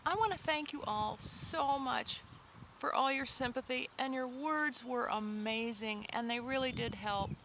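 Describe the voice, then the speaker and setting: Subdued, bright-voiced woman vlogger. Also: a little high, a little slow, slight background noise. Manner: rambling, emotional, with sighs and restarts. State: sad, subdued. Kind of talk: casual chat to camera.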